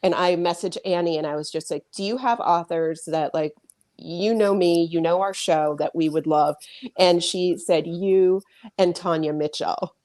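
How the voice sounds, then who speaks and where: A woman co-hosting a radio author interview, telling stories with lively quoted asides. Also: lowish voice, normal speed. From southern New Hampshire. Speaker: co-host. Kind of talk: casual interview chat.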